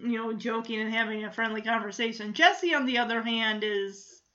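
A chatty woman recapping a sitcom, giggling and leaning on fillers as she talks. Her voice is high and bright, with a slightly dull, lo-fi sound. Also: moderate pace. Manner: chatty, giggly, lots of fillers like "like" and "you know". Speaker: show recap host. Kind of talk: casual episode recap.

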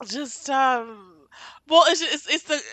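Bright tipsy woman podcast host. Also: sits high, slow pace, dry recording. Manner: animated, laughing, rants then trails off quietly. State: tipsy from wine. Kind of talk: casual chat.

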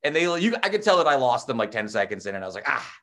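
A young teacher co-hosting a podcast talks rapid-fire in a mid-range voice. He's an animated storyteller in casual chat, acting out quotes loudly and enthusiastically.

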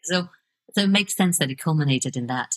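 A woman's voice: low voice, lively intonation, a little fast. A middle-aged woman, a video coach and author, speaking as a guest in a podcast interview in an earnest, reflective way. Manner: reflective, earnest, laughs easily.

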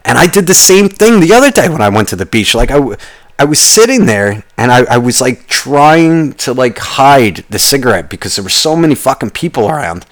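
A young man ranting casually, profane and rambling, telling a story with animated quoted voices. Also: mid-range voice, a little fast. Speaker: podcast host.

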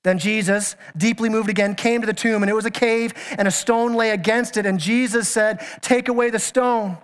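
High-voiced preaching man, reverberant hall. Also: fairly even intonation, moderate pace, smooth. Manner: earnest, emphatic preaching with repeated questions and stammered restarts. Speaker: pastor. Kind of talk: sermon. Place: church sanctuary. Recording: church hall with long reverb.

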